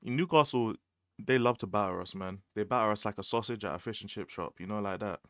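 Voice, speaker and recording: A man's voice: fairly low pitch, quick pace, no echo, clean studio sound. Slangy young London man on stream. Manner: slangy and animated, laughs often, repeats phrases. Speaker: livestream host. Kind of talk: casual livestream chat about football.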